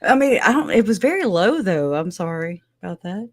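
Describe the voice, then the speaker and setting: A woman's voice: mid-range voice, sing-song, brisk. A woman chatting casually as a livestream co-host, brash, swearing and laughing often.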